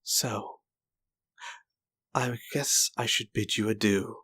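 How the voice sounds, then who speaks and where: A man's voice: on the low side, fairly even intonation, slow pace, pushed and bright, husky, exaggerated voice. A man voicing a sly older male swordsman who mocks and taunts with false politeness. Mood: mocking. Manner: sneering, condescending, mock-polite.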